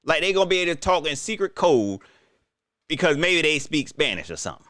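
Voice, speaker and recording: Animated, incredulous man ranting. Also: a little high, fairly quick, dry recording, studio quality. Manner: incredulous, repetitive, joking. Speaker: sports commentator. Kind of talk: casual sports rant.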